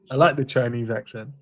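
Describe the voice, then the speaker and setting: Co-host, easygoing man, quick to laugh, dry close mic. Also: mid-range voice, no room sound. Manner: laid-back, laughs often, says bro a lot. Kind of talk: casual live chat.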